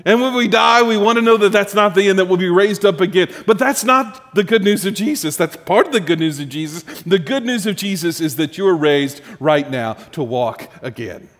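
A man preaching to his congregation with a fairly high voice that rises when he presses a point and falls quiet as he lands it. His voice rings out with the long reverb of a big church hall. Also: animated, normal speed, hardly any pauses. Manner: storytelling preacher, building emphasis then dropping soft. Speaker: pastor. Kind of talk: sermon.

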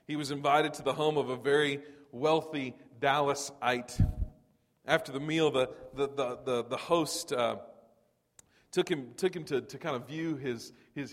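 A man in his forties from Texas, preaching a sermon in a conversational storytelling way with touches of humor. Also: fairly high pitch. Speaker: pastor. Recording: long reverb of a large hall.

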